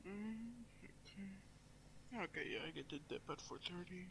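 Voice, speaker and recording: Guy w a gravelly fairly high voice tossing in quick reactions, hiss in the background. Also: fairly even intonation. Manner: short reactions and remarks. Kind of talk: casual chat.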